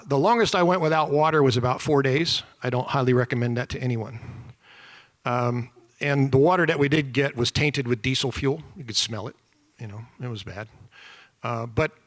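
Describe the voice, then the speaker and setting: A middle-aged man telling his story to an audience, animated and self-deprecating, acting out shouted quotes. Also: mid-range voice. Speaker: former POW giving a talk. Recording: reverberant hall.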